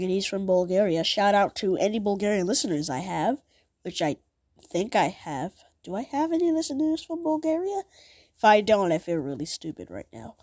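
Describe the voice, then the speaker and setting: Lively, dry-sounding woman podcaster. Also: mid-range voice, dry recording. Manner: animated, self-mocking, rambling. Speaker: podcast host. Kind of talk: casual podcast chat.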